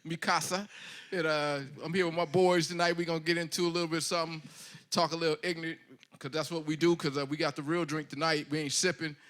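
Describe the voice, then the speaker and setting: A man's voice: on the high side, level tone, fast, a bit bright. A middle-aged man hosting a podcast in casual, profane banter, laughing often. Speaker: podcast host.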